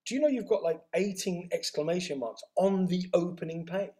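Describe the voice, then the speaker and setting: An interview guest, a man with a voice that sits high, tells a story in conversation. He's animated, acting out dialogue through quick bursts of reported speech.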